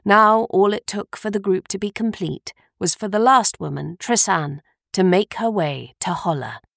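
A woman narrating an audiobook in a steady, measured reading. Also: medium pitch, vocal fry, no echo, studio quality. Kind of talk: scripted narration.

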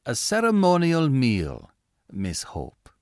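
A man reading aloud plays a serious, whimsical young man who speaks with precision and a deadpan manner. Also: mid-range voice, slow, no echo, studio quality, exaggerated voice. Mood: grave. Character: grave, whimsical red-haired young man.

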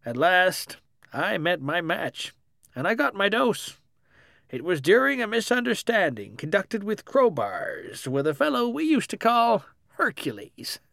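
Casting: man voicing a bragging Yankee tradesman, high-pitched and lively, dry close sound. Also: unhurried, vocal fry, dry recording, full character voice. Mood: folksy boastful. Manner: folksy, plain-spoken, bragging. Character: boastful practical Yankee mechanic, middle-aged man.

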